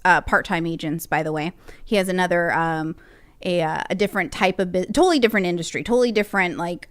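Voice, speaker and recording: Woman broker hosting a podcast, middle pitch, casual and animated storyteller, dry close recording. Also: dry recording. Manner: animated, acts out quoted people, frequent restarts. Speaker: real estate broker and podcast host.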